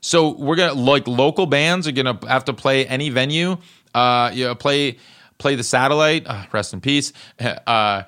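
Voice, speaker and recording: A man hosts his own show alone, telling a story with a bright, forceful voice. He talks in a loose, profane way and jumps his pitch up when he quotes other people. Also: moderate pace, clear, resonant tone. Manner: profane, animated, acts out quoted people in a raised voice. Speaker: podcast host. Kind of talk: animated storytelling monologue.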